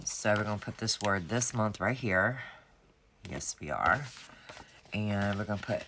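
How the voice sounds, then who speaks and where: A woman's voice: very deep voice, background noise. A woman, chatting casually to her viewers as she sets up a planner, rambling and friendly. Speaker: planner sticker shop owner. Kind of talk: casual planner setup vlog.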